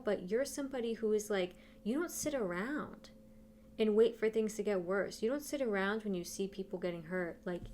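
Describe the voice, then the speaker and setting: Doing a casual tarot reading, a woman talks straight to her viewers and thinks out loud as she flips the cards. Her voice is mid-range with a darkish tone, and there's slight background noise.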